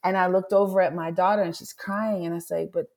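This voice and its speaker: A woman's voice: fairly low pitch, fairly even intonation, a little fast, a little mellow. A middle-aged woman, an author being interviewed, telling a personal story earnestly and voicing her own thoughts aloud. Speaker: author and guest. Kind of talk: candid interview conversation.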